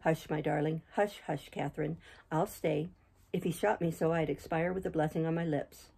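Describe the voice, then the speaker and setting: A woman's voice: deep voice, steady tone, brisk, vocal fry, dark tone, slightly rough, exaggerated voice. A woman reading an anguished, passionate young man, voicing a fierce lover with intense, reproachful words. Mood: urgent.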